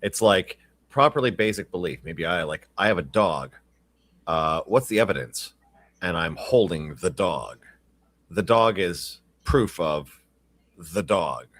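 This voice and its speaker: A man with a very deep voice lays out his reasoning on a panel. He speaks dryly and deliberately, building each point step by step. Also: lively intonation, fairly bright tone. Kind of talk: casual debate chat.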